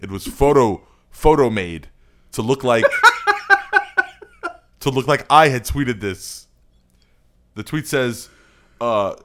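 A man's voice: mid-range voice, a bit bright, pitched above the performer's own voice. A man doing a comic impression of a pompous, self-pitying older senator, speaking in an earnest, mock-serious way. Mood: indignant. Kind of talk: comedic impression.

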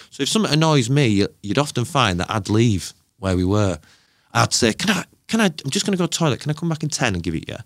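A man's voice: mid-range voice, dry recording, clean studio sound. A man talking casually as a podcast guest, telling stories with lots of life and acting out the lines of others as he quotes them. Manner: animated storyteller, acts out quoted exchanges.

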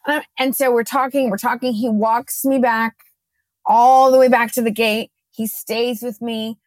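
A woman co-hosting a podcast, chatting casually and telling a lively story, acting out her own quotes. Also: a little high, measured pace, dry recording. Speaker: podcast co-host.

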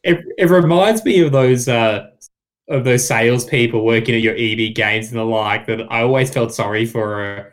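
A man, a guest on a casual podcast, talking in a thoughtful, measured way. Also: medium pitch, rough recording.

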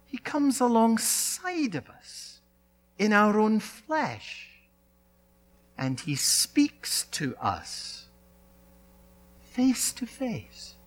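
A male pastor delivering a sermon, speaking in emphatic phrases with dramatic pauses and repetition. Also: sits high, big pitch swings, faint music behind.

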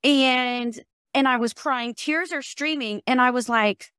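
A woman hosting a podcast in casual conversation, animated and full of fillers and restarts. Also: high voice, measured pace, smooth, no room sound, studio quality. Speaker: podcast host.

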